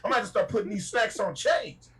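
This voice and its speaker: Husky, animated man ranting. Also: high voice, fast. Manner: animated, profane, laughing storyteller. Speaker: podcast co-host and rideshare driver. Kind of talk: casual ranting chat.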